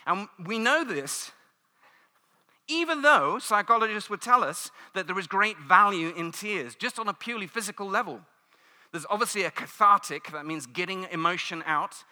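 A British man preaching a sermon, telling stories with lively asides and playful mimicry. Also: fairly high pitch, moderate pace, long reverb tail. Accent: British English. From United Kingdom. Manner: animated storytelling, mimics cheering crowds.

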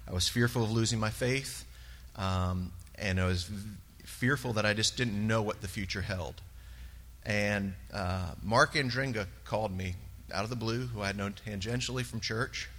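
A man sharing a personal testimony in church, earnest and halting, with many pauses and fillers. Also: fairly low pitch, a bit bright. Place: church sanctuary. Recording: long reverb of a large hall.

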